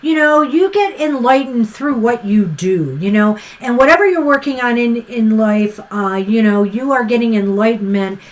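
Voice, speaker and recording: Woman, tarot co-host, high voice, uplifting, chatty, many fillers. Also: lively intonation, moderate pace, few pauses, rough recording. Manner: warm-hearted, filler-heavy, many "you know"s. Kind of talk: casual live-stream tarot reading.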